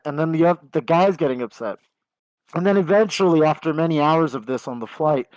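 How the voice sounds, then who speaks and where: A man's voice: on the high side, a little mellow, no echo, rough recording. A man co-hosting a gaming podcast, telling long jokes casually with lots of fillers. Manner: rambling storyteller with filler words. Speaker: podcast co-host.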